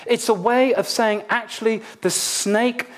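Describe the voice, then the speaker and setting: A man's voice: extremely high pitch, steady tone, measured pace. A man from Nigeria preaching a sermon, telling personal stories with humor and addressing the congregation directly.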